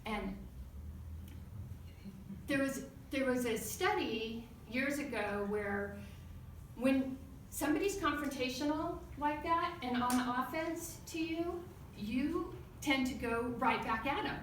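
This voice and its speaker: A woman from the United States giving a storytelling speech at a club meeting, acting out a quarrel with sudden loud outbursts. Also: high-pitched, takes it slowly, slight background noise. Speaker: club speaker. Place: meeting room. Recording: echoey room from far off.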